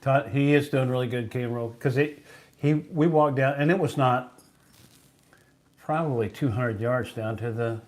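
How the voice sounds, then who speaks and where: A man's voice: medium pitch, unhurried. A man hosting a livestream, talking in an easygoing, rambling way. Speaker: livestream host. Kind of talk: casual chat.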